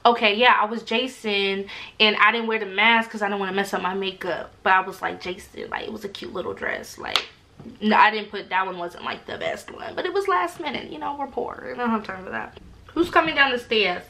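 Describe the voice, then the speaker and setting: A woman's voice: medium pitch, fairly quick, creaky, a little hiss or hum. A woman in her twenties from Alaska, chatting casually to camera at home and telling stories with lots of fillers. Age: 20s. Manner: animated, talks with lots of fillers. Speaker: vlogger. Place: home room.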